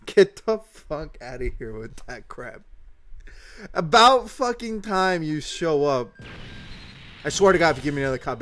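Excitable high-voiced young man, swearing. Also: moderate pace, faint music behind. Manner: excitable, swears often, swings from gloomy muttering to shouting. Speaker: mobile game channel host. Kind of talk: casual gacha summon commentary.

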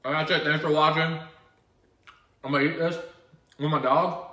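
A man's voice: a little high, fairly even intonation, moderate pace, bright, forceful tone, roomy sound, recorded from a distance. A man hosting a casual cooking vlog in a home kitchen, joking and self-deprecating as he rambles through the recipe.

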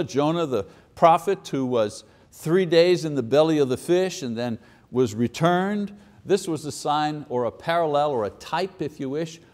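A man teaching a Bible lesson in a casual, conversational way, slipping into quick voices for people in the story. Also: on the high side, a little mellow.

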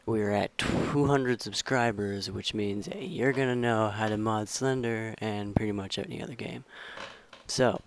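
A young man talks through a game modding tutorial in a low, smooth, clear voice. His delivery stays flat and even as he rambles and corrects himself along the way. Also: a little slow. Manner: rambling, self-correcting, relaxed instructions. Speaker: tutorial maker. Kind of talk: casual screen-recorded game tutorial.

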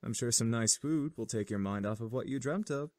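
A man plays a courteous young incubus who talks in formal, gentle tones. The voice is dry and close, as in a game studio recording. He sounds even and kind. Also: mid-range voice, fairly quick, dry recording, lightly acted. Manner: formal, courteous, calls her miss. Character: polite gentle male incubus, courteous and calm.

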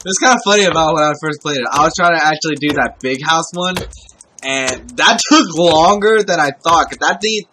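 A man's voice: a little high, a little fast, noisy background. A man giving casual let's-play commentary, talking to himself while he plays and swearing often. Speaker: gameplay commentator.

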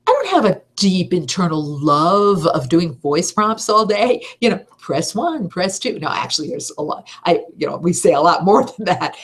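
Energetic middle-aged woman teaching voice-over. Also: fairly low pitch. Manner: energetic, emphatic, upbeat. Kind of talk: seminar talk.

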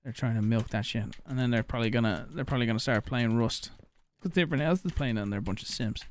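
A man's voice: mid-range voice, fast talker. A young man streaming a game, chatting casually and crudely, swearing and joking as he reads chat aloud. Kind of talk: casual live-stream commentary.

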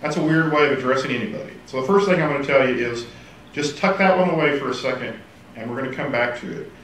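A man teaching a casual Bible class, animated and joking, acting out quotes. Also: medium pitch, distant mic. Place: church classroom. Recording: echoey room, faint hiss.

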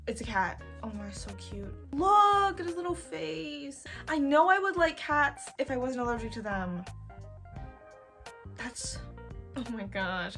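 A young woman chatting casually while browsing online, expressive and given to excited outbursts. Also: fairly high pitch. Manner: chatty, expressive, swings to loud excited squeals. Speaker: youtuber. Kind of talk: casual screen-recorded shopping commentary.

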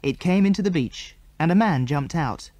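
A man narrating a children's adventure audiobook in a measured storytelling manner. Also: fairly high pitch, lively intonation, a little mellow, no room sound. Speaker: audiobook reader.

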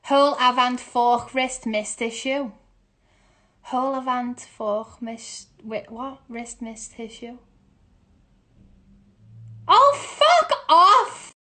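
A woman's voice: a little high, steady tone, slow pace, fairly bright tone. A woman playing a word-guessing game into her phone at home, repeating phrases aloud with incredulous outbursts. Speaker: musical theatre performer. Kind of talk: casual selfie video game.

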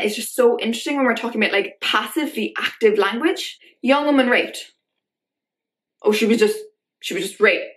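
A woman's voice: a little high, a bit bright. Ranty young woman vlogging. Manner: ranty, exasperated, filler-heavy with constant "like". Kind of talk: casual commentary to camera.

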